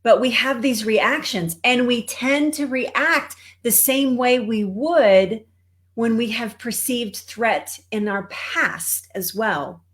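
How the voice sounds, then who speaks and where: A woman from Texas with a Texan accent speaks to a live audience as a cancer coach. She takes her time, pace unhurried, chatting and greeting viewers with an easy conversational laugh. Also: on the high side. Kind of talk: live-streamed motivational talk.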